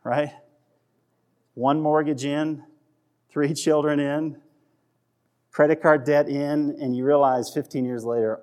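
A man's voice: fairly high pitch, flat delivery, slow pace, long pauses, darkish tone. A man preaching a sermon in a conversational way, checking in with the congregation and acting out voices for humor. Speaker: pastor.

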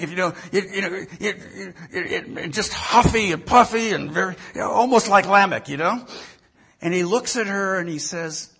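Gravelly, husky preacher man. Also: sits high, normal speed. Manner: storytelling, animated, repeats words. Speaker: pastor. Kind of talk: sermon.

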